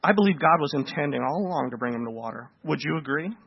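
High-voiced husky male preacher. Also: fast, highs cut off. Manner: animated, asks the congregation questions, acts out voices. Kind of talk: sermon.

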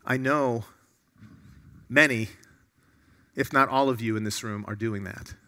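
A man's voice: medium pitch, measured pace, bright, forceful tone. A man preaching a sermon to a room of listeners, earnest and often putting questions to them.

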